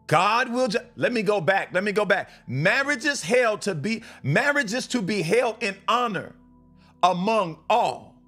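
A fervent man preaches on a live stream, his voice sitting high for a man. He repeats and restarts lines as he reads scripture, breaking into blunt asides, with faint music underneath. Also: lively intonation, measured pace, fairly bright tone. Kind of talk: live-stream sermon and Bible reading.

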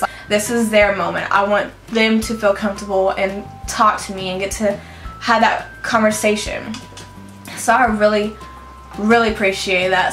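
A woman in her late twenties from Houston, a beauty vlogger gushing through an excited story and acting out the voices of the people in it. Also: medium pitch, echoey room. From Houston, Texas. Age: 20s. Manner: gushing, animated, acts out voices in quotes.

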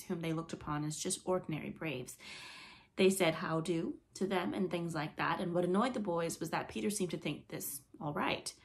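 A woman narrating a classic storybook in an expressive, lively reading manner. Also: lowish voice. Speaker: audiobook reader.

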